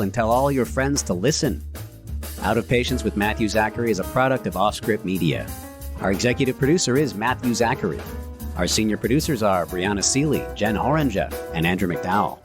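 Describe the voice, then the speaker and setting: A man reading a scripted podcast outro in a steady announcing manner. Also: fairly low pitch. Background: theme music.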